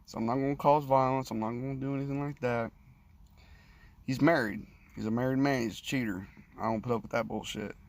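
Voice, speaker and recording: A man talks straight into his phone, spinning a rambling, profane story in a loose, crude way. His mid-pitched voice has a gravelly rasp. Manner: crude, rambling, swears a lot. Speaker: vlogger. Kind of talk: casual storytelling rant. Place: sitting, indoors or in a parked car.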